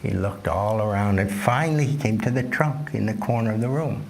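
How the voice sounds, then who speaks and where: Brief: middle-pitched male teacher, gravelly, unhurried storytelling at a dharma talk, faint background noise. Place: talk at a retreat center.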